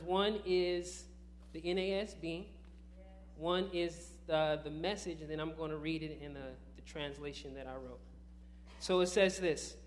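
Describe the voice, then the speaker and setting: A man preaching a sermon in church, talking casually and then rising into emphatic bursts. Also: fairly high pitch.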